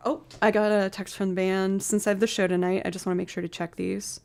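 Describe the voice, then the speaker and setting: A woman's voice: medium pitch, level tone, fast, creaky, hardly any pauses, a little mellow. A young woman musician chatting casually on a livestream, thinking aloud and poking fun at herself while she has bronchitis.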